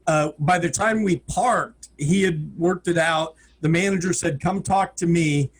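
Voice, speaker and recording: A man's voice: fairly high pitch, unhurried, slight background noise. A man telling a story plainly in a casual group conversation.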